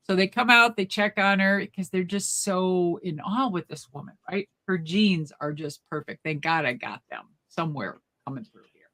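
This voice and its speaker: A woman co-hosting a live show, telling a rambling, animated family story in casual chat. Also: fairly low pitch, normal speed. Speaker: co-host.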